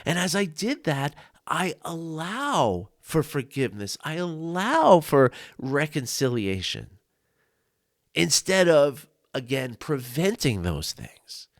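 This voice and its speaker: A man's voice: fairly high pitch, very animated, takes it slowly, dry recording, clean studio sound. Earnest man telling a personal story. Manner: earnest, reflective, many "you know" and "right?" asides; laughs often between thoughts. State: tearful at times. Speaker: life coach.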